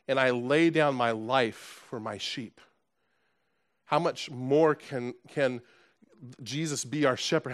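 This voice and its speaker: A man's voice: a little high, a bit bright, no echo, studio quality. A man preaching a sermon in an earnest, emphatic way, asking his listeners rhetorical questions. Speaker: pastor.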